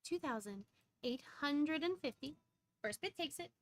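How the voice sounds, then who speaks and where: High-voiced woman calling a live auction. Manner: rapid auctioneer patter with bursts of excitement. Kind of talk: live-stream coin auction.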